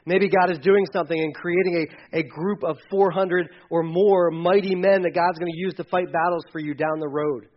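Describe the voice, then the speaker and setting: A man preaching with a high, light voice, talking to the congregation as if in casual conversation. He drops to soft asides, then swells into loud, emphatic passages. The sound is a little dull and lo-fi. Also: fairly even intonation, normal speed, hardly any pauses. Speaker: pastor. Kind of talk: sermon.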